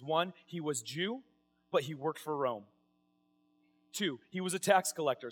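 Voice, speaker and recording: A man preaching a sermon, telling a story with lively acted-out quotes. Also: high voice. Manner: animated storytelling, acting out quoted voices. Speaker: pastor.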